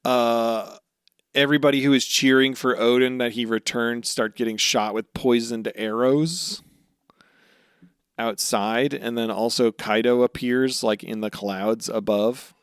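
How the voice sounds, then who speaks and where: A young man co-hosting a podcast, casually recapping anime episodes with lots of swearing and quick character voices. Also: mid-range voice, steady tone, clean tone, dry recording, clean studio sound. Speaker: podcast co-host.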